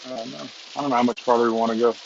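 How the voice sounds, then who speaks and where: A man runs a storm-chasing livestream while driving, chuckling and rambling in casual conversation. His mid-range, creaky voice moves very fast with fairly even intonation, and the audio has its highs cut off and background noise.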